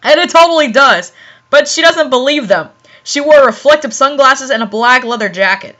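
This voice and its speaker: Woman reading fan fiction with commentary, giggly and stumbling, high, bright voice. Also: expressive, moderate pace, highs cut off. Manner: giggly, laughs often, stumbles over words.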